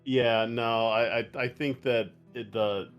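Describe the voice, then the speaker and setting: Halting man playing a tabletop game. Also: medium pitch, steady tone, muffled recording, faint music behind. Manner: halting, swears casually. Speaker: player. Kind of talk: casual tabletop play.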